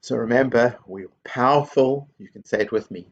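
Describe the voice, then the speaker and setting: A man leading a school assembly for young children, slow and encouraging, guiding actions and chants. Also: mid-range voice, highs cut off, a little hiss or hum. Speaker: headteacher. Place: school office.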